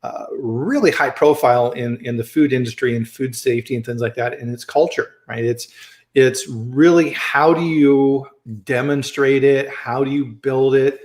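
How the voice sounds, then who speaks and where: A man's voice: mid-range voice, fairly even intonation, moderate pace, darkish tone, roomy sound. A man hosting a casual live-stream chat on a video call, friendly and chatty, often restarting his sentences. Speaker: host.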